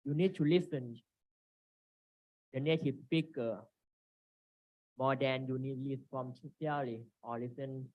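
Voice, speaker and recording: Halting man presenting a seminar. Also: mid-range voice, steady tone, no echo. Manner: halting, reads from slides with frequent restarts. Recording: dry, dull lo-fi recording.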